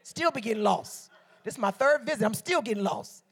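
A woman's voice: a little high, animated, fairly quick, breathy edge. A woman from Detroit preaching a sermon as a guest speaker, calling on the congregation to answer back and telling stories along the way. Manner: call-and-response preaching, storytelling asides.

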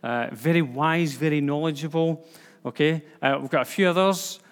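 Chatty Scottish preacher in a hall. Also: male voice, fairly high pitch, moderate pace. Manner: chatty, lots of fillers and restarts. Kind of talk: informal sermon. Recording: long hall reverb.

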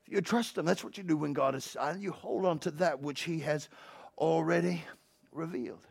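A male pastor preaching a sermon in a church, swinging between loud emphatic lines and quiet, joking asides. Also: moderate pace, vocal fry, breathy edge. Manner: swings from loud shouting to hushed low asides, jokey and emphatic.

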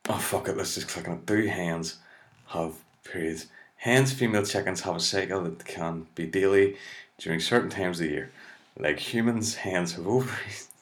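Man, comedian, low voice, sweary, exasperated, mocking, reading aloud. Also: normal speed. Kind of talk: comic reading of web articles.

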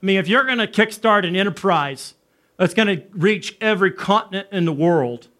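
Middle-aged male preacher, bright, forceful tone, animated storyteller. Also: sits high, normal speed. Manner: animated, acts out dialogue in his story. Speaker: pastor. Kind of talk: sermon storytelling.

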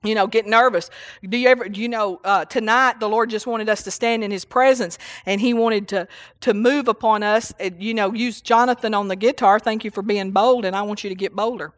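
A woman's voice: mid-range voice, steady tone, fairly quick. Folksy woman preaching a sermon. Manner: rambling, folksy, laughs often, many hallelujahs. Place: church service.

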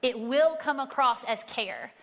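Woman pastor preaching, earnest and reassuring, bright sharp tone, echoey church. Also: sits high, expressive, a little slow. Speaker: lead pastor. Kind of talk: sermon, co-preaching dialogue. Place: church sanctuary.

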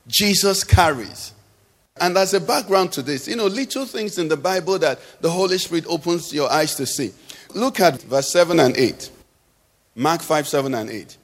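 A middle-aged man preaching a sermon, drawing call-and-response from the congregation and telling everyday stories to make his point. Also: fairly high pitch. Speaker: pastor. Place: church hall. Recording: long hall reverb.

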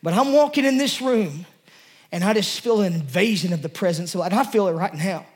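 A man's voice: high voice, animated, brisk. A male pastor preaching a sermon to his congregation, passionate and emotional, talking in a loose, conversational way with many restarts. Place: church service before a congregation.

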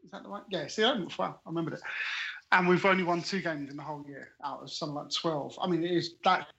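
A man's voice: fairly high pitch, fast, vocal fry, fairly bright tone. A man co-hosting a casual podcast, talking through his opinions with enthusiasm and reconsidering them as he goes. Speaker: podcast co-host. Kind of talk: casual chat, football opinion. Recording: slightly dull audio.

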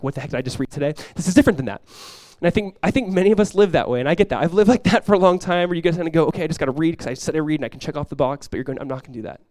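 A male pastor preaching in a conversational sermon style, dropping to a hushed voice when acting out prayers. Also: mid-range voice, no room sound, clean studio sound.

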